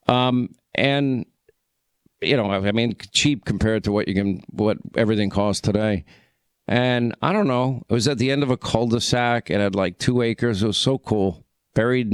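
A man's voice: lowish voice, clear, resonant tone, no echo. A man hosting a call-in radio show, chatting with callers in an affable, teasing way. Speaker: radio talk show host.

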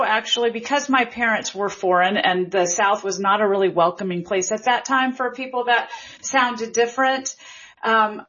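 A linguistics professor in her forties who grew up in Memphis, Tennessee, appears as a guest in an interview conversation, explaining things thoughtfully with fillers and restarts. Her fairly high voice is a bit bright, and the recording is muffled.

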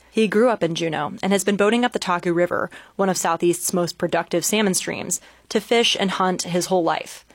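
A man reading a scripted radio news report in a measured, even way from a studio. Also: sits high, no echo. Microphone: studio microphone.

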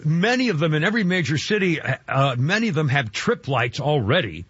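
Rambling husky radio host. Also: male voice, on the high side, very animated, fairly quick, a bit bright, no echo, lo-fi sound. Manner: rambling, chatty, exclaims often. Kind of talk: casual radio talk.

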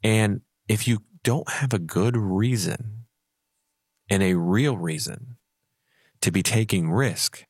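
A man who is a financial advisor on a radio show, telling animated stories and laughing easily. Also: on the low side, slow pace, breathy edge, no room sound, clean studio sound. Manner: animated storyteller, acts out little voices, laughs easily.

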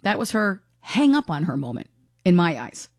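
A woman's voice: fairly low pitch, sing-song, normal speed, no room sound, clean studio sound. A woman hosting a talk radio show, chatting frankly and giving her opinions in a casual, unscripted way. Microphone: studio microphone.

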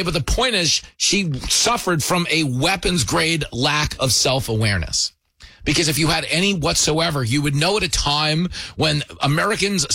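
A man's voice: on the high side, gravelly, sharp tone, husky, no echo. A man hosting a show, delivering a sarcastic, mocking comedy monologue.

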